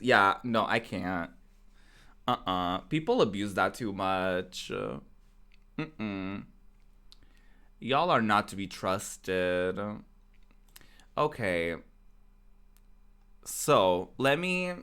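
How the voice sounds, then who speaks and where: A man's voice: fairly low pitch, a bit bright, smooth. A male game streamer chatting casually and playfully with his viewers, teasing them and laughing often.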